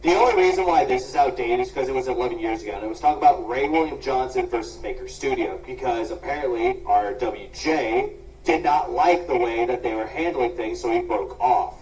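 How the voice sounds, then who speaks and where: A man's voice: medium pitch, a little fast, darkish tone, a little hiss or hum. Sarcastic guy roasting a streamer, cussing a lot, sounds far off and roomy. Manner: scolding, mocking, swears freely. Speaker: commentator. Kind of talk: sarcastic reaction commentary. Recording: roomy and distant.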